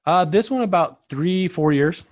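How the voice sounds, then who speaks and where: Polite podcast host, dull audio. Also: male voice, sits high, unhurried. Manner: polite, laughs along, short answers. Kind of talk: podcast interview.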